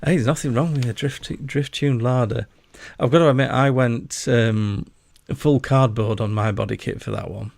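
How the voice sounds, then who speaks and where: A man's voice: medium pitch, normal speed, creaky, few pauses, a little mellow, no echo. A man with a Yorkshire accent, hosting a casual gaming livestream, chatty and jokey, rambling as he talks to his chat. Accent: Yorkshire English. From Yorkshire, England. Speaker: livestream host.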